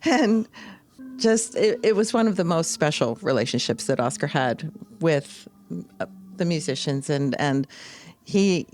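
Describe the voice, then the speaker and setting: A woman's voice: low voice, unhurried. An older woman, a podcast guest, telling stories in casual conversation and acting out the people she quotes. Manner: animated storyteller, acts out quoted voices.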